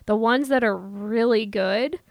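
A woman's voice: fairly high pitch, unhurried, no room sound. A woman with a Midwestern accent co-hosting a podcast in casual, bubbly chat. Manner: bubbly, giggly. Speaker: podcast co-host.

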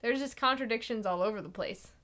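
A giggly young woman with a bright, fairly high voice, chatting as a podcast co-host. She talks eagerly about favorite movie moments and laughs easily between thoughts. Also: fast. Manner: giggly, enthusiastic, laughs often. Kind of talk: casual film chat.

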